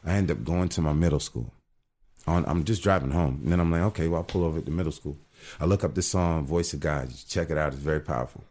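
Very deep-voiced man telling his testimony. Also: fast talker. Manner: earnest, animated storytelling with repeated restarts. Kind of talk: casual storytelling.

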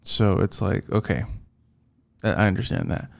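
A man who works as a driver rambles on casually about his coworkers, frustrated and leaning on fillers and restarts. His gravelly voice is on the low side, and his pace is normal.

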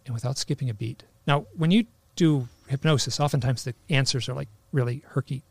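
A man recounts a personal experience in a casual, rambling way, leaning on "like" and restarting his sentences. His voice has a gravelly, fry-edged texture at an ordinary pitch. The recording is dry and close, with no room sound. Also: brisk, darkish tone, no echo. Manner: rambling, full of "like" fillers and restarts. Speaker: interview guest.

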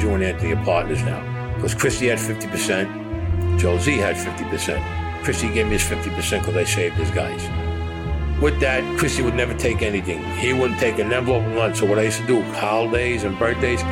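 A man telling blunt, profane stories from his past as an interviewee, acting out the voices of the people he quotes. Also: on the low side. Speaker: interviewee recounting mob stories. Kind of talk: casual storytelling.

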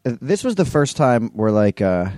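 Podcast co-host, male, mellow tone, dry close sound, loose rambling, cursing. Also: mid-range voice, very animated, a little slow, no room sound. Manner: loose, rambling, swears freely. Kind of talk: casual chat.

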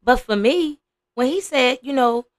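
A young adult woman hosting a podcast, giving blunt, profane, animated reaction commentary. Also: high voice, unhurried, no echo, clean studio sound. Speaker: podcast host.

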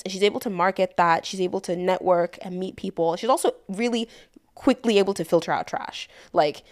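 A woman's voice: lowish voice, darkish tone. A woman co-hosting a podcast, talking earnestly and thoughtfully in casual chat, often with "like" as filler. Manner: earnest, reflective, peppers speech with "like". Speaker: podcast co-host.

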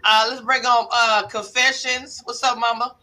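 A high-pitched man with a very bright, ringing tone hosts a live video panel. He hypes up each guest with affectionate, energetic introductions. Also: moderate pace. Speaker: host.

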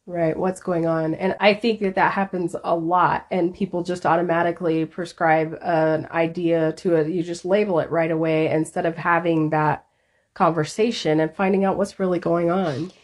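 Female co-host, lower register, reflective and affirming. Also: little pitch movement, normal speed. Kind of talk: podcast conversation.

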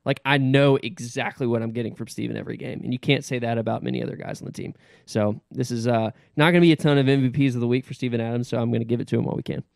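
A man co-hosting a casual sports podcast, giving measured analysis and handing off to others. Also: mid-range voice, fairly even intonation, vocal fry, a little mellow, no echo, studio quality. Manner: measured, analytical, passes the mic. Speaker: podcast co-host.

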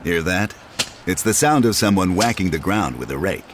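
A man's voice: deep voice, animated, normal speed, noisy background. A man reading a scripted ad in a punchy, playful manner. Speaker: ad announcer.

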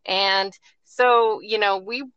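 A woman guest on a podcast, explaining how she picks whiskey barrels in an easygoing, filler-heavy way. Her voice is bright and forward. The recording is dry and close, with almost no room sound. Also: medium pitch, slow, smooth, no echo, muffled recording. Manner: relaxed, explanatory, with many fillers. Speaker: distiller, guest. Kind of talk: conversational interview answers.

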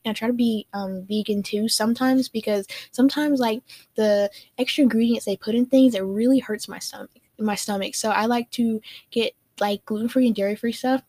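A woman's voice: a little high, steady tone, brisk, warm tone, no room sound. A young adult woman hosting a casual solo podcast, chatting in a bubbly, gushing way and filling her talk with "like.". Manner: bubbly, gushing, heavy use of "like". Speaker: podcast host.

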